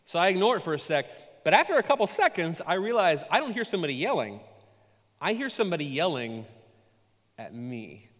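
Lively preacher in an echoing hall. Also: male voice, a little high, fairly quick. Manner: animated storytelling with self-mocking humor. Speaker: pastor. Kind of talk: sermon.

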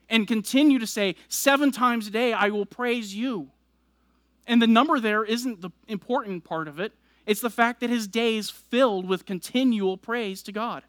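A man's voice: high voice, fairly bright tone, dry recording. A man preaching a sermon, explaining scripture verse by verse and building emphasis as he goes. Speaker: pastor.

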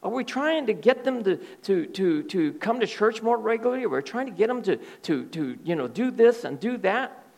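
A male pastor preaching a sermon in an animated way, often dropping to soft, hushed tones. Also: high-pitched, moderate pace, creaky.

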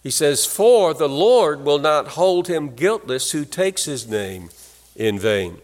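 Male preacher, slow and deliberate, emphatic delivery, long echo of a large hall. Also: fairly high pitch, very animated, a little mellow. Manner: earnest, emphatic preaching with slow stressed phrases. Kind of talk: sermon.

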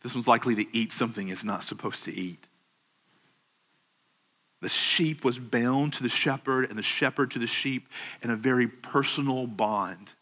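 A man preaching a sermon, earnest and measured, slowing down on key phrases and rising into urgent questions. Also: mid-range voice, pushed and bright. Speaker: pastor.

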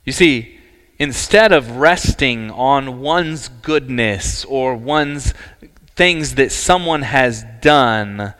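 A man preaching a sermon as pastor, earnest and emphatic, with dramatic pauses. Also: medium pitch, a bit bright. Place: church sanctuary. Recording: church hall reverb.

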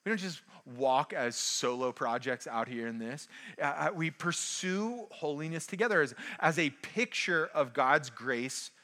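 A man with a fairly high, bright and forceful voice delivers a sermon. He keeps the tone conversational, leans hard on key phrases and fills gaps with "like." It sounds like a pastor talking straight to his congregation. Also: expressive, measured pace. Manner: conversational, emphatic, frequent "like" fillers.

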